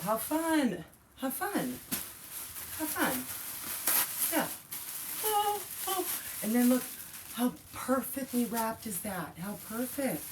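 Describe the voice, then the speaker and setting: A woman's voice: mid-range voice, distant mic, background noise. A woman in her forties chatting casually while unboxing, gushing and exclaiming often. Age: 40s. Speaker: vlogger.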